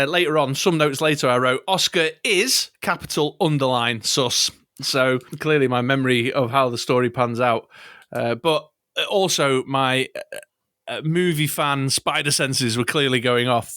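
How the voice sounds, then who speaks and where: A man's voice: mid-range voice, sharp tone, no room sound, studio quality. A man co-hosting a casual podcast, wryly reading out his notes on a film. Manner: wry, reads from notes, chuckly. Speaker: podcast co-host. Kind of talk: casual chat.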